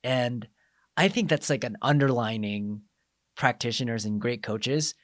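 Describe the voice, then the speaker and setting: A man's voice: medium pitch, unhurried, no echo, clean studio sound. A man hosting a casual podcast conversation, telling coaching stories and acting out quoted exchanges. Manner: animated storyteller, acts out quoted exchanges.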